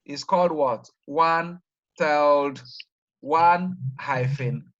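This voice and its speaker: Guy teaching a class, slightly high voice, keeps going "what?" so students fill it in, muffled lo-fi recording. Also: a bit bright. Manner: prompts students by leaving sentences open with "what?"; repeats key terms slowly and deliberately. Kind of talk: classroom lecture.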